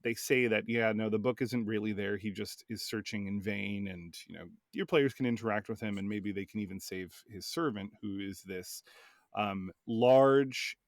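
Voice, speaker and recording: Low-voiced man telling game stories. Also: normal speed, no room sound, clean studio sound. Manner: relaxed, rambling storytelling. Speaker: game master. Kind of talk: casual podcast chat.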